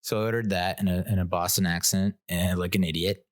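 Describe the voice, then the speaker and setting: Talking fast in a deep, steady voice, this man hosts his own solo podcast. He spins a rambling story at his own expense, chuckling at his jokes, in clean studio sound without echo.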